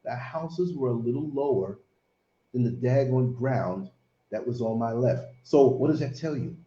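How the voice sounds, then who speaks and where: A man in his late fifties chats as a podcast host, his pitch leaping around as he tells stories. His laughter comes in big bursts. The sound is roomy and a little dull, like call audio. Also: animated, normal speed, dark tone. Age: 50s. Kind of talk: casual chat.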